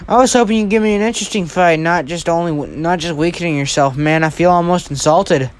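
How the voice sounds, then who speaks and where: Cocky teen hero mocking his rival, some guy doing the voice, kinda high voice. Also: a little fast, clean tone, close to an everyday voice. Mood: taunting. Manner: smug, mocking. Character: cocky young male superhero, taunting.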